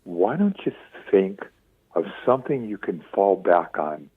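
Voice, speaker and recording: A man in his seventies, a radio interview guest, telling stories with lively acted-out quotes. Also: low-pitched, measured pace, slightly rough, dry recording. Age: 70s. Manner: lively storyteller acting out quoted voices. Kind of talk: phone-in radio interview storytelling. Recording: tinny dry phone line.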